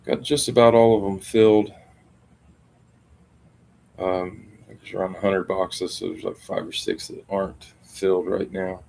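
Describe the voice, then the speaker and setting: This man hosts a casual live stream, reading out names for a football squares board and muttering in frustration when his tablet loses his numbers. His low voice is gravelly and a little mellow, with fairly even intonation and a measured pace, and there's slight background noise.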